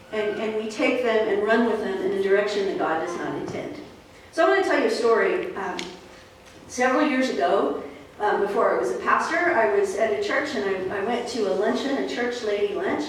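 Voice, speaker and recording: A woman pastor preaching a sermon in a relaxed, conversational storytelling way, with fillers. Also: on the high side, slight background noise. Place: church sanctuary. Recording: echoey church hall from far off.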